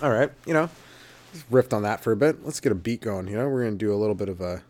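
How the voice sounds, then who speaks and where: Rambling comic, loose and profane. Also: male voice, lowish voice, fast talker, background noise. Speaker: comedian and podcast host. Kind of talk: improvised stand-up riffing.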